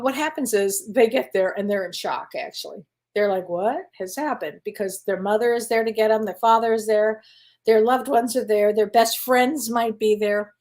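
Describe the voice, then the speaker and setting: A woman's voice: on the high side, a little mellow. A middle-aged woman hosting a live psychic Q&A, talking in a chatty, reassuring way with fillers, restarts and frequent laughs. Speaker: psychic host answering viewer questions. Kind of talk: live-stream Q&A chat.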